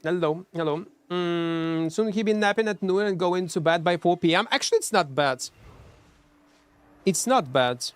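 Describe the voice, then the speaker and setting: Brief: male game streamer, high voice, chatty and self-mocking, non-native English. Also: normal speed, clear, resonant tone, dry recording. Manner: self-mocking, talks to chat, hums between plays. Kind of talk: casual live-stream chat while playing.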